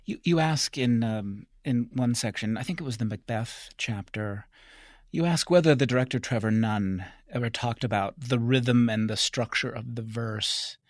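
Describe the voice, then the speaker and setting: A man hosting a public radio interview, measured and easy, asking long framing questions. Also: medium pitch, no room sound, studio quality. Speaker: radio host.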